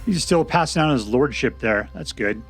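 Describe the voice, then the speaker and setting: A man's voice: medium pitch, lively intonation, moderate pace, creaky, soft background music. A man giving casual, joking commentary to himself as he plays a card game. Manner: chatty, joking, talks to himself while playing. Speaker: gameplay commentator.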